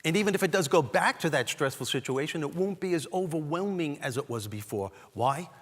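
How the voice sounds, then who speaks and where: A man from Brooklyn, giving a comedic motivational keynote with animated, punchy storytelling. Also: a little high, a little fast, in a large hall. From Brooklyn, New York. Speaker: keynote speaker. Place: large hall, on stage.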